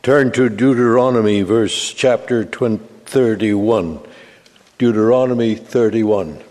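Slow steady preacher man, mellow low tone, hall echo. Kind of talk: sermon. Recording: long hall reverb.

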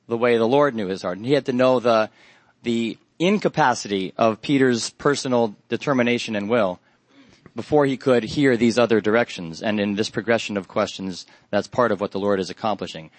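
Male preacher, middle pitch, earnest and measured, close dry sound. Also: no echo. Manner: measured and earnest, with pauses and fillers. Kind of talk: Bible study sermon.

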